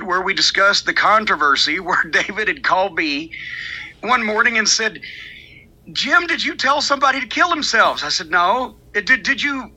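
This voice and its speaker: A man's voice: high-pitched, bright, forceful tone, rough recording. An older man, a podcast host, telling a long profane story in casual chat and mocking other people's lines in quoted voices.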